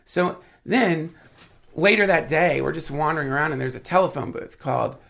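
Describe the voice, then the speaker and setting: Sniffling with a head cold, a male podcast guest tells meandering, filler-laden stories full of swearing during casual chat. His voice is high-ish, creaky and a bit bright, at a normal speed.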